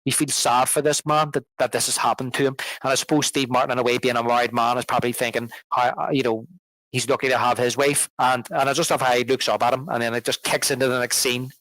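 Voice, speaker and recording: A man's voice: medium pitch, steady tone, fast talker, a bit bright, rough recording. Talkative man co-hosting a film podcast. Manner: rambling, many restarts and fillers, retells scenes. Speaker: podcast co-host. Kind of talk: casual film discussion. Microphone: podcast microphone.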